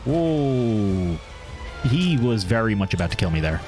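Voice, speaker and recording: A man streaming a video game, giving casual commentary in a dry, flat-sounding way. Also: fairly low pitch, measured pace. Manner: self-described monotone, dry and offhand. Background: game music.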